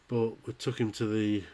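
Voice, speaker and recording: A man giving a halting, tearful farewell in a vlog, speaking softly with pauses and restarts. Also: lowish voice, slightly rough. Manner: halting, soft-spoken, pausing and restarting. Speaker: vlogger. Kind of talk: emotional farewell monologue.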